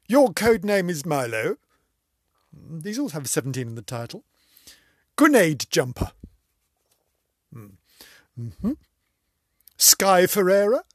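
A rumbling low voice, a touch bright and slightly rough, comes through a dry, studio-quality recording. The older woman running this casual vlog giggles her way through corny jokes, laughing at her own punchlines and mocking herself.

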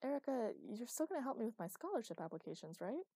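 A woman's voice: on the high side, very animated, fast, mellow, breathy edge, no echo, pitched above the performer's own voice, heavily acted. A woman voicing a cheerful, frank teenage girl in an audiobook, sometimes sing-song.

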